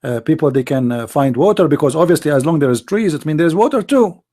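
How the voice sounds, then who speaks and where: A man's voice: fairly high pitch, animated, fast, warm tone. A man hosting a live debate stream, arguing emphatically with rhetorical questions and non-native grammar. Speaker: live debate show host.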